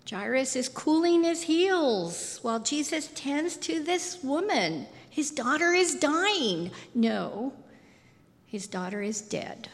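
Woman preacher, slightly high, gravelly, unhurried, long hall reverb. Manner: slow, deliberate, soft intimate delivery. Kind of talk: sermon.

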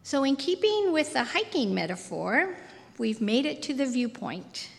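Woman preacher, slightly high, gravelly, unhurried, long hall reverb. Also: big pitch swings. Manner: slow, deliberate, soft intimate delivery. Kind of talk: sermon.

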